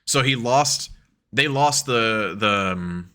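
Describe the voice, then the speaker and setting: A man co-hosting a podcast with a bright, tense edge to his voice at a middling pitch. He chats casually, gets excitable, swears freely and slips into the voices of the people he talks about. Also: slow. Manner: excitable, profane, acts out quotes. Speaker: podcast co-host. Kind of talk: casual chat.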